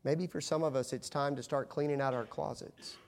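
A middle-aged pastor, a man, preaching with animated storytelling that swings from hushed to loud. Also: medium pitch, fairly quick, gravelly. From United States. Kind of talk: sermon.

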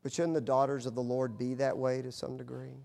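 A middle-aged pastor, a man, preaching with animated storytelling that swings from hushed to loud. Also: medium pitch, fairly quick, creaky. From United States. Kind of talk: sermon.

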